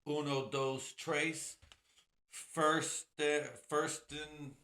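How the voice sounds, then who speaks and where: A man's voice: on the high side, flat delivery, extremely slow, sharp tone, roomy sound. A man hosting a casual solo podcast, rambling and joking with lots of profanity while he drinks whiskey. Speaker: podcast host.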